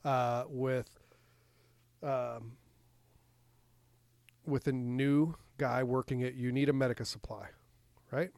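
A man co-hosting a casual movie podcast, excitable, swearing freely and laughing a lot. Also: medium pitch, slow, creaky, pauses often, no echo. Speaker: podcast co-host. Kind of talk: casual movie review chat.

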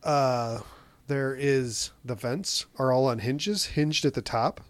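Male co-host, conversational and animated, mid pitch, dry booth sound. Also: no echo. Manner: animated retelling with quick asides and restarts. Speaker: podcast co-host. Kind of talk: casual chat about movies.

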